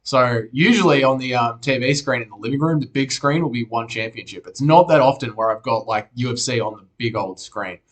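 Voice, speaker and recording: Young Australian male streamer, relaxed casual chat host, sweary and matey. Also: medium pitch, brisk, hardly any pauses. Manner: laid-back, swears often, calls viewers mate.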